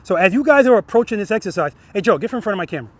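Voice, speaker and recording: A man's voice: sits high, expressive, rapid-fire. A man teaching a group of riders outdoors as their riding instructor, questioning the group and ending points with "right?". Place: outdoor practice lot.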